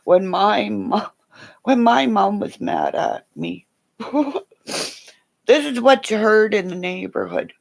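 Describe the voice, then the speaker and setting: Slow, gravelly woman rambling. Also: medium pitch, sing-song. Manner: rambling, drifting into soft whispers. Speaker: livestream host. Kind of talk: casual livestream chat.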